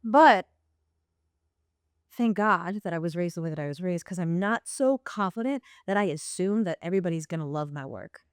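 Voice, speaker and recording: A woman guest on a podcast, casually telling a personal story in a lively, animated way. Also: lowish voice, moderate pace, clear, resonant tone, no echo, studio quality. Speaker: podcast guest, playwright and performer.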